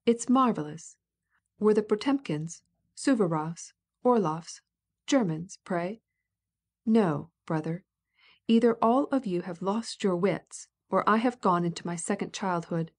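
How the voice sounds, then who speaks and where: A woman's voice: mid-range voice, unhurried, darkish tone. A woman voicing an irascible old prince, blustering and sarcastic, in an audiobook reading. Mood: scornful.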